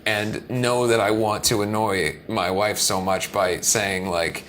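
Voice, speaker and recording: A man being interviewed as a musician guest, joking and self-deprecating, rambling with quick restarts. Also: lowish voice, fairly even intonation, fairly bright tone, slight background noise. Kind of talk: casual interview chat.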